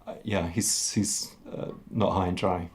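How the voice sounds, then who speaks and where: A man speaking as a clinician, giving a measured, cautious assessment of a patient in an interview. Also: low voice, steady tone, slight background noise.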